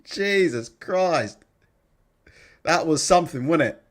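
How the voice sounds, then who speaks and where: A man hosting a live stream, talking high and swinging his pitch all over the place. He is blunt and sweary, breaks into laughs and reads viewers' comments aloud in a loose, chatty way. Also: animated, takes it slowly. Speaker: livestream host.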